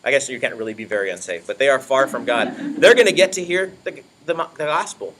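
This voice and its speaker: A man's voice: medium pitch, lively intonation, fairly quick, fairly bright tone, slight background noise. A man leading church volunteers in an informal, upbeat talk, often checking in with "all right?". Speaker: children's ministry leader.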